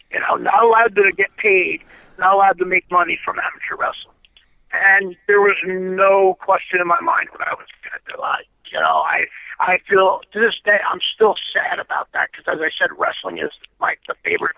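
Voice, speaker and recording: A high, creaky male voice with no echo comes through a tinny, dry phone line. He's a former pro wrestler guesting on a casual storytelling interview, recounting stories in a blunt, profane, emphatic manner.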